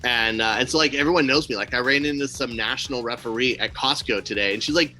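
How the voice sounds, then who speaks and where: Soft music plays behind this podcast co-host, a man with a medium-pitched voice who talks quickly and barely pauses. In casual chat, he tells animated stories, performs the quotes, and throws in blunt asides with swearing.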